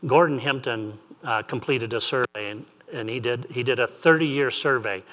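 A man's voice: medium pitch, moderate pace, hardly any pauses, fairly bright tone. A man preaching an earnest sermon as pastor, repeating phrases and asking rising questions.

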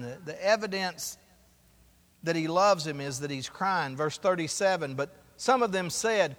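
A man's voice: high-pitched, expressive, normal speed, a bit bright, long reverb tail. A man, the pastor, preaching a sermon and asking the congregation for responses as he goes. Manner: preaching with call-and-response asides.

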